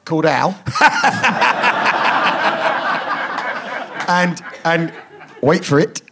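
A man, telling comic showbiz anecdotes as a podcast guest, animated and swearing freely. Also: fairly high pitch, slow, vocal fry, heavy background noise. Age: 40s. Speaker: guest comedian.

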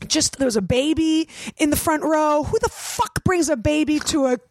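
A woman's voice: sits high, normal speed, no echo. A woman comedian on a podcast as the guest, talking in casual chat, blunt and joking with lots of swearing. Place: home studio room.

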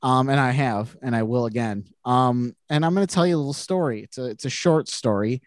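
A man with a mid-range voice talks briskly on a dry recording. As a podcast co-host, he tells a funny, self-mocking story in casual chat, laughing all the way through.

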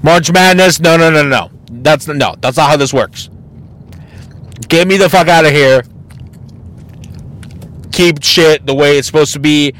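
A man's voice: a little high, measured pace, long pauses, a bit bright. A man hosting a casual solo podcast, ranting bluntly and mockingly with plenty of swearing. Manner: mocking and exasperated. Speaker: podcast host.

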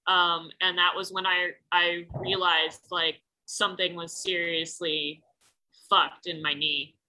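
A woman's voice: on the low side, level tone, takes it slowly, sharp tone, a little hiss or hum, rough recording. A woman telling a personal story in casual chat, rambling with lots of fillers and frequent swearing. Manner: rambling, heavy use of "like", swears freely.

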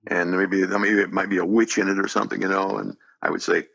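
An older man chatting as an interview guest, low and gravelly with a slightly husky edge. He talks in an easygoing, self-deprecating way, his pitch moving freely as he tells stories. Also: little pitch movement, fast, a bit bright, dry recording, muffled recording. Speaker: voice actor guest. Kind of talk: casual interview chat.

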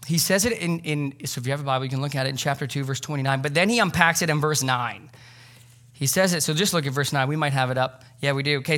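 A man's voice: on the high side, a bit bright. Casual, conversational man preaching. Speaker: pastor. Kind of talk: sermon. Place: church sanctuary.

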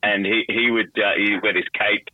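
A middle-aged voice actor in a casual interview, talking animatedly with lots of restarts. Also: male voice, lowish voice, flat delivery, a little fast, dry recording, phone-quality sound. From Australia. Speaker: voice actor and guest.

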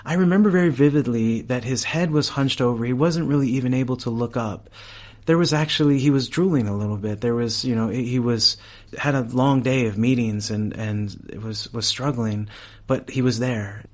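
A middle-aged man, a priest, telling a personal story in a casual interview, animated and laughing often. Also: medium pitch, normal speed. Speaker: priest and campus chaplain, guest.

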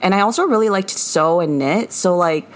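A woman's voice: fairly low pitch, a little fast. A young woman co-hosting a casual podcast, rambling with lots of fillers and giggles. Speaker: podcast co-host.

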